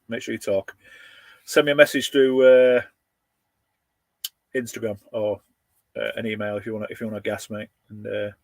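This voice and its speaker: A man's voice: medium pitch, vocal fry, dry recording. A middle-aged man hosts a casual livestream from his van, greeting viewers by name and laughing between lines. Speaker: livestream host reading viewer comments. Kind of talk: casual live chat.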